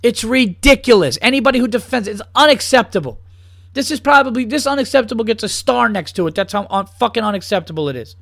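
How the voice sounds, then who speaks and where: A man's voice: extremely high pitch, animated, quick pace, gravelly, a bit bright, no room sound, clean studio sound. A man, a stand-up comedian hosting his own podcast, ranting with heavy swearing and then rattling off his upcoming gigs with lots of ums. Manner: heated, profane ranting; loose, filler-heavy when announcing gigs. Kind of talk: solo podcast rant and show plugs.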